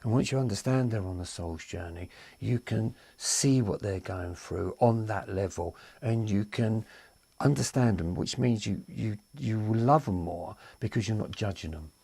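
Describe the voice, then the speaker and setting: Gravelly East London man chatting. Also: moderate pace, warm tone, no room sound. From East London, England. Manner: rambling, repeats himself, reads out comments. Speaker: spiritual reader and live-stream host. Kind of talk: casual live-stream chat. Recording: dry, close, low-quality setup.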